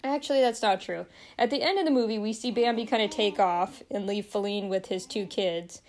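A young woman in easy, unscripted chat, her voice sitting at an ordinary middle pitch. She rambles from thought to thought with plenty of fillers and laughs often as she talks. The tone is relaxed and conversational. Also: fairly quick. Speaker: vlogger reviewing a film. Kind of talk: casual chat.

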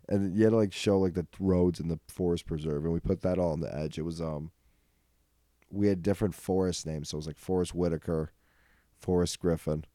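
Low-voiced young man rambling casually. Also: steady tone, moderate pace, warm tone, no echo, studio quality. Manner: rambling, profane, laughs often. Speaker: podcast host. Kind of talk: casual comedic storytelling.

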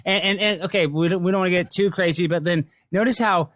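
Brief: excitable male podcast host, talks fast, dry voice. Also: high voice, no echo. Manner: animated, excitable, mocking. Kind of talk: casual political chat.

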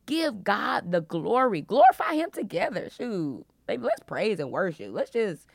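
A young woman hosting a faith podcast, teaching from the Bible in a casual, playful way with frequent loud laughter. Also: medium pitch, moderate pace, creaky, no room sound, clean studio sound. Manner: animated, laughs loudly and often, playful preacher tone.

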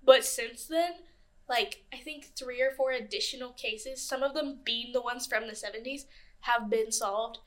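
A woman's voice: fairly high pitch, measured pace. A young woman co-hosting a true-crime podcast, telling the case in a casual way and adding dry, sarcastic quips. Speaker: podcast co-host.

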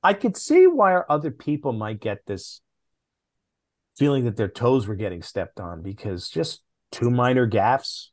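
Middle-aged man, podcast guest, lively storyteller, ordinary mid pitch. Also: unhurried. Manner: animated anecdotes, with big jumps in pitch. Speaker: guest, former comics editor.

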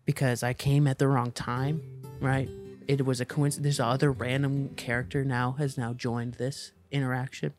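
A man's voice: mid-range voice, normal speed, soft background music. A young man co-hosting a podcast, telling a personal story casually and acting out bits of dialogue. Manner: animated storyteller, acts out dialogue. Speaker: podcast co-host.

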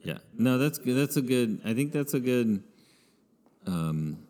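A man's voice: mid-range voice, very animated, measured pace, dark tone, big-room sound. A man hosting a podcast in casual chat, rambling with many fillers. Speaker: podcast host.

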